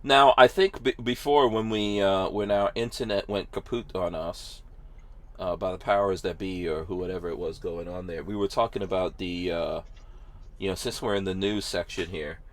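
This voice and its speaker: A man's voice: low-pitched, steady tone, moderate pace. A man hosting a podcast, chatting casually about the news with sarcasm and frequent laughs. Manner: sarcastic, laughing often, filler-heavy. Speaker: podcast host.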